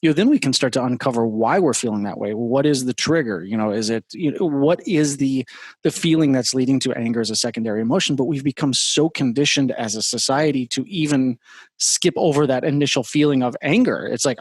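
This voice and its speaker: Husky middle-aged guy on a podcast, emphatic and passionate, dry close mic. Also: medium pitch, a little fast, no echo. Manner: passionate, emphatic, many restarts. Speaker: podcast guest. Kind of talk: casual podcast conversation.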